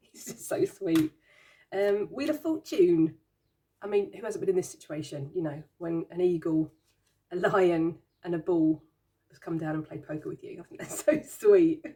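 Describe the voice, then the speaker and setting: A woman with a medium-pitched, warm voice hosts her own tarot channel, chatting casually as she shows things off. She giggles along, sounding both amused and baffled.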